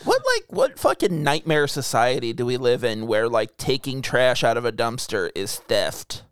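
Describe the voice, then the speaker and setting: A man's voice: medium pitch, huge pitch swings, moderate pace, a bit bright, clean tone, no echo, studio quality. A young man co-hosting a podcast, teasing his friend and laughing often in casual chat. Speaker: podcast co-host.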